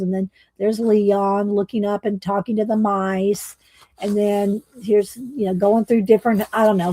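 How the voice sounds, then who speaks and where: A woman's voice: mid-range voice, warm tone. A woman hosting a coloring livestream, chatting casually and rambling with fillers and restarts. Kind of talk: casual chat while coloring.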